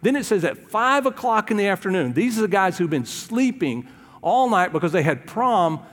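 A man delivers a sermon in a church, his fairly high voice ringing with the long reverb of a big hall. He tells the Bible story casually, stumbling and restarting, and slips into voices for the people in it. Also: very animated, normal speed, fairly bright tone. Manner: conversational storytelling with hesitations and acted quotes. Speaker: pastor.

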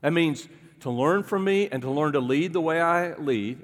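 A man's voice: on the high side, normal speed. A pastor preaching a conversational sermon, asking his congregation questions as he goes. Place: church hall with a congregation. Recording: long hall reverb.

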